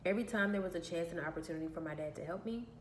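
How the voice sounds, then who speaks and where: A woman's voice: fairly low pitch, rapid-fire. A woman vlogger telling a personal story in an emphatic, aggrieved way, repeating her phrases, in an echoey room. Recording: echoey room with faint background noise.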